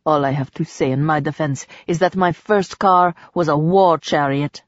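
A woman voicing a teasing, lecherous grown man who was once a warrior general, speaking dry and sarcastic in a lowered voice. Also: normal speed, no echo, close to an everyday voice. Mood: sardonic flirting. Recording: dull dry recording.

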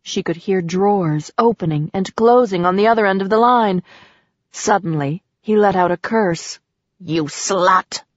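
A woman reading a romance novel aloud in a steady storytelling voice. The recording is dry with a slightly dull tone. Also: mid-range voice, normal speed, dry recording. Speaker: audiobook narrator. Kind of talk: scripted narration.

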